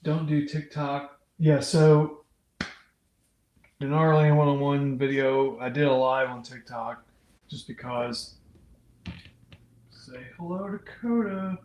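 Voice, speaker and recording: A man's voice: mid-range voice, completely flat delivery, slow pace, reverberant, muffled recording, a little hiss or hum. A man hosting an unscripted livestream, chatting casually and reading out viewers' comments as he rambles. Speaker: livestream host. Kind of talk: unscripted live chat with viewers.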